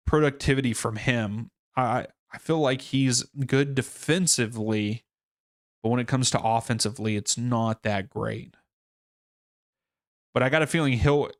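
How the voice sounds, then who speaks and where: A man's voice: mid-range voice, no room sound, studio quality. A man hosting a live soccer watchalong stream, chatting casually and thinking aloud with fillers and restarts. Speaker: livestream watchalong host.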